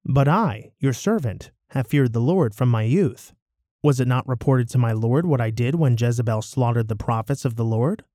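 A man's voice: medium pitch, moderate pace, mellow, no echo, clean studio sound, natural voice. A man voicing a frightened male servant of a king, pleading anxiously in a scripture reading.

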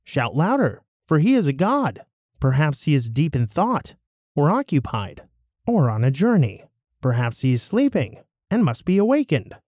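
A man's voice: fairly high pitch, very animated, moderate pace, darkish tone, no echo, clean studio sound. A man reading as Elijah, a fierce prophet. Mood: mocking. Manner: declaiming, rising to fervent cries. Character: bold male prophet, fierce and commanding.

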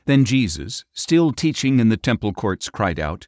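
A man narrating scripture in a steady, solemn reading. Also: fairly low pitch, unhurried, hardly any pauses, dry recording, studio quality. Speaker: scripture reader.

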